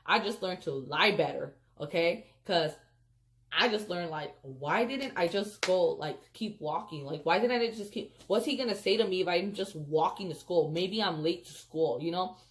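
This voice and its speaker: A woman with a notably low voice tells a storytime to her viewers, animated and emphatic. She keeps calling them "you guys" and fills her talk with "like" and "freaking," in a loose, chatty way. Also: normal speed. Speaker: storyteller vlogger. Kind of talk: casual storytime vlog.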